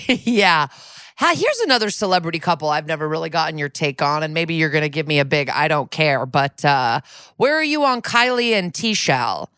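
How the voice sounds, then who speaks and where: A middle-aged woman co-hosting a podcast, telling an animated story in casual chat and acting out the quotes. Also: deep voice, normal speed, clear, resonant tone, dry recording, studio quality. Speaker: podcast co-host.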